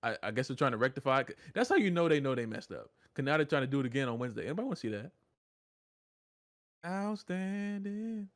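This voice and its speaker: A man's voice: mid-range voice, animated, racing, hardly any pauses, no room sound. Laid-back man co-hosting a wrestling podcast. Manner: laid-back, joking, swears freely. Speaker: podcast co-host. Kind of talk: casual chat.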